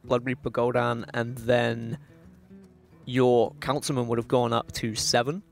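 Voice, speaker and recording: A man's voice: medium pitch, level tone, measured pace, vocal fry, faint music behind. A man with a West Country accent commentating a live game, chatty and joking, often questioning his co-caster. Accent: West Country English. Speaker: esports commentator.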